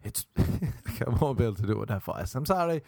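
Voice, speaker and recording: A man's voice: medium pitch, big pitch swings, quick pace, vocal fry, darkish tone, no room sound. A hungover man with an Irish accent, hosting a podcast in a rambling, self-mocking comedic monologue. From Ireland. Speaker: podcast host. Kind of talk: rambling comedic monologue, reading a joke erotic poem.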